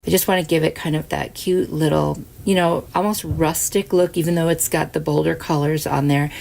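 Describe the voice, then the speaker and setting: A woman's voice: deep voice, steady tone, moderate pace, creaky, darkish tone. A woman hosting a craft channel, chatting through each step of a project in a casual, upbeat way. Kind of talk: casual craft tutorial narration.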